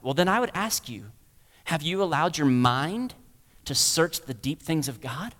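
A man preaching a sermon as pastor, rising to loud stirring peaks and then dropping to a soft hush. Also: fairly high pitch, big pitch swings, a little fast. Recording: long hall reverb.

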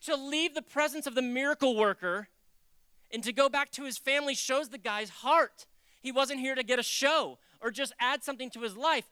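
A preacher giving a casual, animated sermon, jumping into acted quotes and joking with the congregation. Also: high-pitched, moderate pace, clear, resonant tone, no echo. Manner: animated, acts out quotes, jokes. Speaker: pastor. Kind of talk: conversational sermon.

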